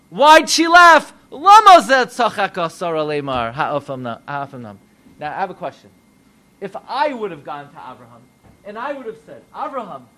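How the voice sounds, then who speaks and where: A rabbi preaching a sermon, animated and full of rhetorical questions to his listeners. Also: high-pitched.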